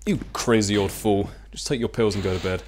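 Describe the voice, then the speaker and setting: A young man comments on a video game as he plays, chatty and self-mocking. His voice sits fairly low, and soft game music plays underneath. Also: fairly even intonation, a little fast. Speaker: let's play commentator. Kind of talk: casual gameplay commentary.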